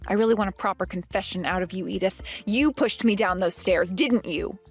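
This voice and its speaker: A woman's voice: medium pitch, fairly quick, slightly rough, faint music behind. A woman voicing a young pregnant wife who questions others in a firm, earnest way. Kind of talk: animated story voice acting.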